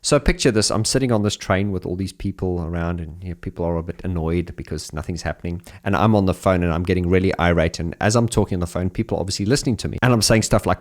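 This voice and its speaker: A man, a keyboard player, telling an anecdote in an animated, chatty way and laughing as he goes. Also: low-pitched, fast talker.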